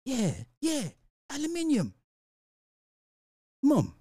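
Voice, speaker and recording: A man voicing a prim, fussy mock British man in a high, breathy put-on tone with a mocked British accent. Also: wildly swooping pitch, takes it slowly, mellow, dry recording, studio quality, exaggerated voice.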